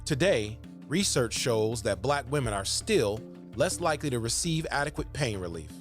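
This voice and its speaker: A man hosting a documentary interview, narrating in a measured, earnest way and talking with his guest. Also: mid-range voice, very animated, soft background music. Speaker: host.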